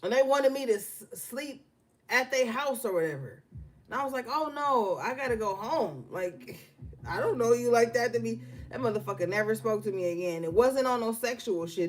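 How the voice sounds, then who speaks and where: A woman doing a casual tarot reading, blunt and profane, telling stories between the cards she draws. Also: on the high side. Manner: blunt, profane, conversational with slang. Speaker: tarot reader.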